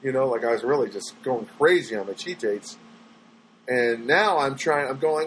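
A man's voice: mid-range voice, moderate pace, slight background noise, poor audio. A man talking casually on his own as a stand-up comedian, rambling and chatty, often trailing off and restarting his sentences. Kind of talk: casual solo monologue.

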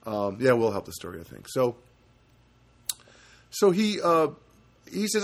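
Give me a sarcastic, rambling man with a lively voice. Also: mid-range voice, a little slow. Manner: rambling, sarcastic, many restarts. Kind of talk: comedic rant monologue.

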